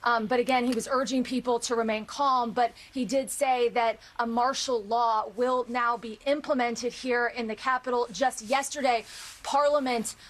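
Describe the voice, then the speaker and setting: A woman reporting live as a foreign correspondent, measured, with frequent fillers. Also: a little high, steady tone.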